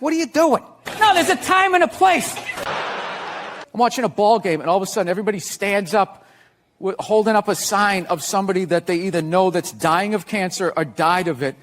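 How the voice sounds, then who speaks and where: A man's voice: high voice, animated, fast, a bit bright, a little hiss or hum. A man, a comedian, chatting casually with wry, exasperated storytelling. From United States.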